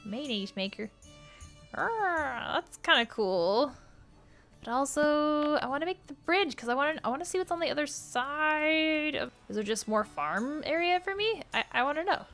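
A woman hosting a casual let's-play, chatty and excitable, gasping and reacting aloud as she plays. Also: sits high, moderate pace, soft background music. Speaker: gaming channel host.

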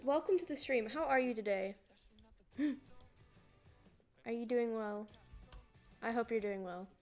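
A woman's voice: a little high, unhurried, a little mellow. Chatty young woman streamer, music behind. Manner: chatty, rambling, often laughing, greeting viewers. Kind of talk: casual livestream chat while gaming. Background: music playing.

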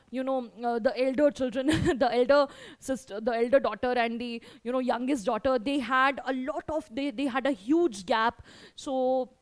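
A woman's voice: sits high, no echo. A woman teacher with an Indian English accent, explaining a story to students and repeating points with many fillers.

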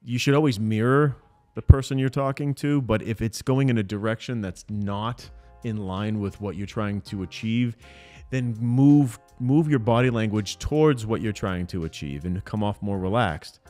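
This man in his forties has a fairly low voice and a moderate pace, with faint music in the background. Co-hosting a podcast, he relates a story in casual conversation, lively and acting out each quoted person.

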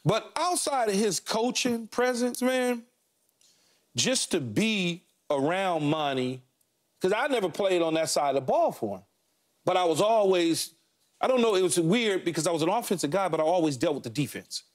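Animated middle-aged man telling sports stories. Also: sits high, moderate pace. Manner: animated storyteller, punchy fragments and repeats. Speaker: sports talk show co-host, former NFL receiver. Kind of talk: casual sports talk storytelling.

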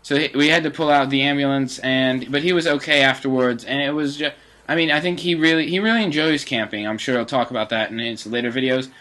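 A man's voice: mid-range voice, fast talker, pushed and bright. A teenage boy giving casual, rambling commentary over his gameplay, with lots of fillers and self-corrections. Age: teens.

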